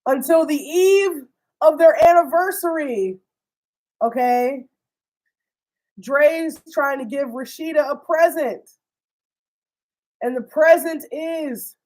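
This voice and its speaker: A young woman with a slightly high voice, talking through a show's plot in a loose, slangy storytime way. She swears freely and acts out the characters' lines as she goes. Her delivery stays animated the whole way through. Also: slow pace, long pauses, low-quality recording. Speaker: host recapping a TV series. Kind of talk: casual storytime chat.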